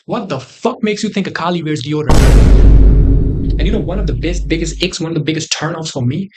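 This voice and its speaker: A man's voice: on the high side, quick pace, over loud music. Crude young man ranting comedically. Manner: crude, boastful, rambling with sudden loud outbursts. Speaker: host. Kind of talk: comedic tier list commentary.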